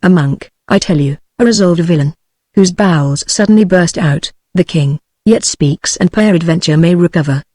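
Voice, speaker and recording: A synthetic text-to-speech voice of a woman with a British English accent, reading the part of a loyal, anxious male English knight in a flat, unvaried way. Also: fairly low pitch, moderate pace, no room sound, studio quality, close to an everyday voice. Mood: reporting.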